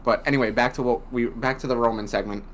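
A man's voice: medium pitch, fairly even intonation, fast. Brief: young male co-host, blunt and profane, rambling casual recap, faint background hum. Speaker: podcast co-host. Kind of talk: casual wrestling recap chat.

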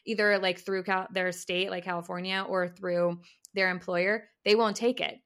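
A woman's voice: lowish voice, level tone, moderate pace, fairly bright tone. A woman in her thirties, a podcast guest talking casually in an upbeat, chatty way with lots of "like". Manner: upbeat, chatty, says "like" often. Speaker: podcast guest, parental leave consultant. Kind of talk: casual chat.

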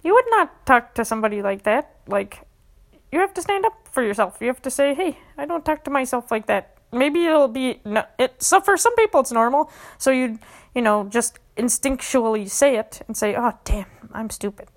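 A woman's voice: high-pitched, animated, moderate pace. A young woman hosting a podcast, earnestly guiding listeners through a self-help exercise and getting emotional at times. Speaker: podcast host.

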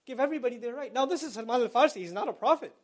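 High-voiced man giving a casual lecture. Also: animated, rapid-fire. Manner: conversational, explains terms in plain slang. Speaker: Islamic lecturer. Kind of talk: lecture to college students.

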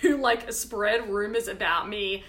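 Bright, animated young woman. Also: mid-range voice. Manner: animated storyteller, quick asides and laughter. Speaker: podcast co-host. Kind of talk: casual chat.

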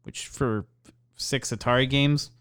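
A young adult man co-hosting a podcast has a smooth, mid-range voice and a slow pace. Swearing freely, he tells a store story with animation in laid-back talk, putting on a raised voice to mimic the customers.

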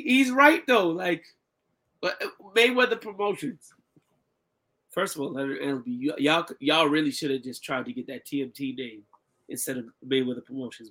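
A man co-hosting a casual podcast, animated and mocking, often talking over his partner. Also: a little high, moderate pace. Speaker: podcast co-host. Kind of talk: casual boxing chat.

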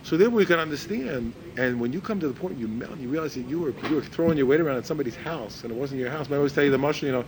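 Man, religious teacher, informal lecture, lively pitch swings, slightly high voice, faint background hiss. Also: very fast, few pauses. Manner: animated, repeats words while searching for phrasing; acts out quoted speakers in a higher voice.

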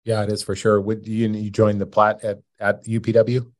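A man's voice: on the low side, monotone, normal speed, dry recording, studio quality. A man hosting a podcast, talking with his guest in a casual, encouraging way. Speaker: podcast host. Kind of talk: casual interview chat.

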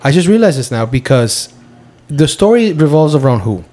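A man co-hosting a podcast, debating a film in casual chat, animated and full of restarts. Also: a little high, moderate pace. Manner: animated, argues his point with frequent restarts. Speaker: podcast co-host.

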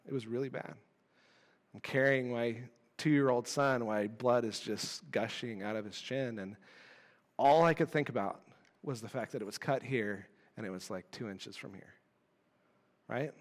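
A man in his thirties preaching a casual, animated sermon with self-deprecating asides. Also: medium pitch, moderate pace, big-room sound. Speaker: pastor. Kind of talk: conversational sermon.

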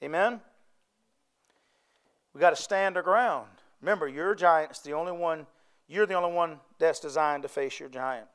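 A man's voice: fairly high pitch, moderate pace, long pauses, fairly bright tone, smooth. A man preaching a sermon, folksy and conversational, often asking the congregation to answer back.

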